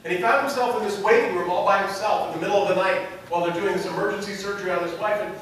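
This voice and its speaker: A pastor preaches his sermon in a high-pitched voice that swells into loud, emphatic peaks as he tells his story. He is picked up from a distance, and his voice rings through a very echoey church sanctuary. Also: very fast, a little hiss or hum.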